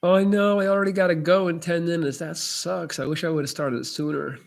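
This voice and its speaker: A man's voice: on the high side, fairly even intonation, moderate pace, creaky. A man answering viewer chat on a casual live stream, blunt and emphatic and swearing freely.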